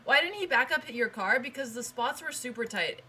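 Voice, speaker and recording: A young woman co-hosting a stream, telling a rambling, animated story in casual chat, full of restarts. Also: on the high side, brisk, breathy edge. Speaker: stream co-host.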